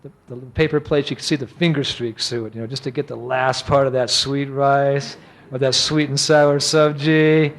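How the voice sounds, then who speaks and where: A man in his sixties, a monk giving a storytelling lecture, animated, acting out the people he quotes and chuckling often. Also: medium pitch, moderate pace.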